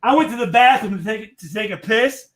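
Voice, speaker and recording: A man in casual sports chat, telling stories in a loud, profane, animated way. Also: high voice, brisk. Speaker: guest, former player.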